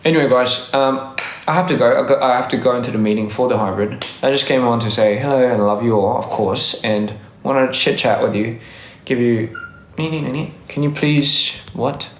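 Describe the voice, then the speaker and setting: A man's voice: mid-range voice, normal speed, reverberant, a little hiss or hum. Rambling man, faded Australian accent. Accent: Australian English, softened by years abroad. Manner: rambling, self-correcting, frequent laughs. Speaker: livestreamer. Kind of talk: casual live-stream chat reading comments.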